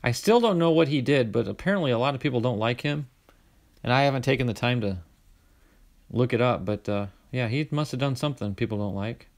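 A man hosting a casual card-opening video, reading out player names in a chatty way, with sudden bursts of excitement. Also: medium pitch, a little fast. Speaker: card-collecting channel host.

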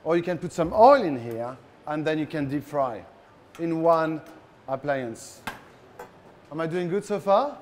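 Performing a live cooking demo before a large crowd, a French-accented chef playfully teases his audience. His male voice is a little high and animated, and he takes his time, with faint background noise.

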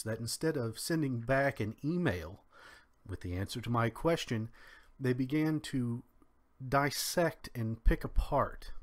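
Man, young adult, faint Kentucky twang; unhurried solo commentary, mid-pitched, pausing often. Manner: measured, drawn-out delivery with pauses. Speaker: commentary podcaster.

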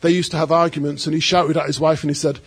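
Husky man preaching an animated sermon. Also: a little high, fast. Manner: animated, acts out quoted voices, joking asides. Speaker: pastor.

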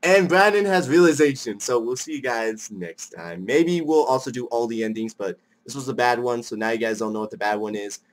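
A man's voice: medium pitch, fairly quick, few pauses. Teasing let's play host man. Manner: teasing, playfully bossy. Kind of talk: casual gameplay commentary.

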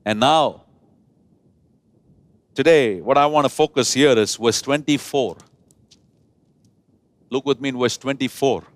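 A man's voice: medium pitch, no echo. A male pastor preaching a sermon in a church, stretching key words and calling the congregation to repeat after him. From India. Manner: preaching with drawn-out emphasis and call-and-response.

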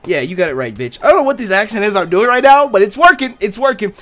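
A loud, boisterous man hosting a game Let's Play, cursing and joking in casual commentary. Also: sits high, sing-song, fast talker.

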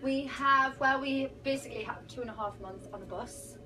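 A woman's voice: high voice, normal speed. A British woman, a pop singer being interviewed, chatting and teasing playfully. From Britain. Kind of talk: casual interview chat. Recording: distant mic with background noise.

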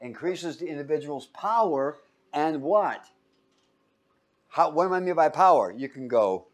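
A man whose voice sits on the high side teaches a little slowly, leaving long pauses. In lecture style, he quizzes students by having them fill in blanks, and animatedly acts out quotes in little voices.

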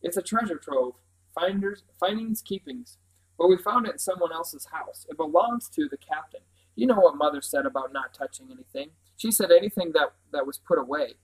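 A man reads the part of a careful, anxious girl in a storybook. Her voice sits a touch high and comes out hesitant, as if she is always weighing the rules. She worries out loud. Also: expressive, normal speed, breathy edge, low-quality recording. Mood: earnest. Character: cautious dutiful young girl. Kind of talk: reading a novel aloud.

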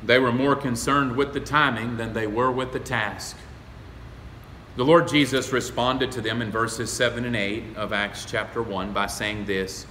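A man preaching a sermon as pastor, folksy and emphatic, rising to loud exclamations. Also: medium pitch, moderate pace, slight background noise. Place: church sanctuary. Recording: echoey, reverberant hall.

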